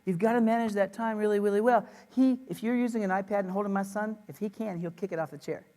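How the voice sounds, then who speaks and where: A man is giving an energetic talk at an education conference. He speaks playfully and leans hard on his points. His voice rings out with a long reverb from the conference hall. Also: high-pitched, quick pace. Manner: animated, playful, emphatic. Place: conference room.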